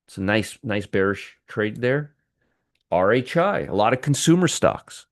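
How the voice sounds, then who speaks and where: A man's voice: fairly low pitch, lively intonation, measured pace, no echo, studio quality. Wry man hosting a stock show. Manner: wry, teasing, sarcastic. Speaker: trading show host. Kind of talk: live market commentary.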